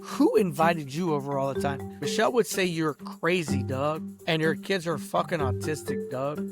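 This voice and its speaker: A man delivering an angry, profane rant outdoors, addressing people directly and peppering his speech with "bro" and "dog". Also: a little high. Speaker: host. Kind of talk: angry ranting monologue.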